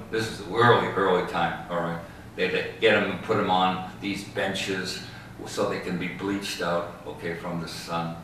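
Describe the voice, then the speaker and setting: A man with a bright voice leads a tour through a big ballpark, spinning stories and checking in with "okay?" after his points. He was recorded from a distance, so his voice rings with heavy echo over faint background noise. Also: mid-range voice. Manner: storytelling, tags lines with "all right?" and "okay?". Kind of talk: guided tour talk. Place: outdoors in a large ballpark.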